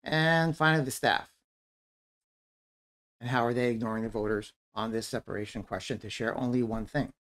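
Speaking as a resident at a town forum over video call, a man offers harsh, critical comments and keeps restating his points. His medium-pitched voice is steady and a bit bright, at normal speed with frequent pauses.

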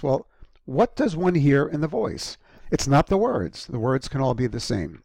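A man delivers a university lecture into a close microphone, his slightly raised voice carrying a gravelly edge. He talks haltingly, with frequent ums and restarts, and keeps clearing an irritated throat. The sound is dry. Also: on the high side, big pitch swings, mellow, dry recording.

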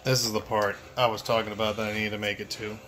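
A man hosting a let's play, giving excitable, profane gameplay commentary that turns to yelling when he panics. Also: lowish voice, fast.

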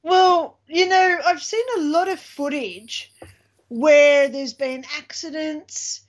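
A woman, co-hosting in chatty, animated casual talk full of fillers. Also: high-pitched, takes it slowly. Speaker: co-host. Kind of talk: casual chat.

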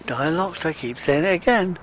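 A man's voice: on the high side, moderate pace, slight background noise. A British man giving casual, chatty commentary while playing a space exploration game, chuckling and muttering to himself as he goes. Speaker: let's play gamer.

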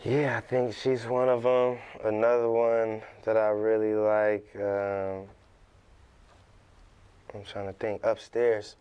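A man's voice: lowish voice, little pitch movement, slow, darkish tone, clean tone. A man from Compton, a guest singer, talking in a laid-back casual chat. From Compton, California.

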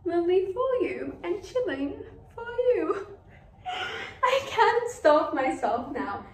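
Brief: teen actress as a chatty teenage girl, high bright voice, stage monologue, distant mic in a roomy hall with faint ambient noise. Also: sing-song, slow pace, exaggerated voice. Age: teens. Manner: giggly, gossipy storytelling. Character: chatty teenage girl amused by her family. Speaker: student actor. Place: school stage.

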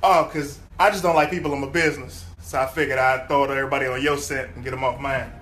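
A man's voice: medium pitch, steady tone, fast, a bit bright, echoey room. A man in a comedy sketch, brash and crude.

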